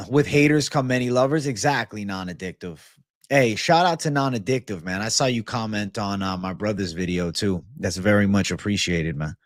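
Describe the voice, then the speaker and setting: A man's voice: lowish voice, moderate pace, no room sound. Guy running a livestream, reads chat, swears a lot, laid-back, dry close sound. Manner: blunt, profane, laid-back. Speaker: livestream host. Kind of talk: casual livestream chat, reading viewer comments.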